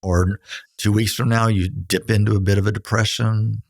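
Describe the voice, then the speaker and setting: Gravelly and level-toned at a normal speed, a middle-aged counselor co-hosting a podcast talks through grief in an earnest, coaching way, raising his pitch when he quotes others. The sound is clean studio audio without room echo.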